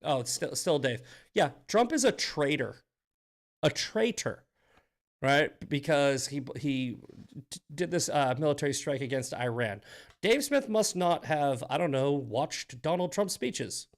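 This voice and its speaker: A man hosting a live commentary stream with a slightly raised pitch. He talks in a fired-up, profane way and stumbles into frequent restarts. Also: expressive, measured pace. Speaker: host.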